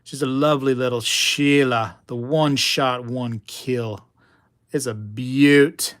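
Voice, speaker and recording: A man's voice: mid-range voice, fairly even intonation, slow pace, a bit bright, no echo, studio quality. A man putting on a jokey Australian accent. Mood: playful. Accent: put-on Australian. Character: jokey Australian man admiring a silver piece.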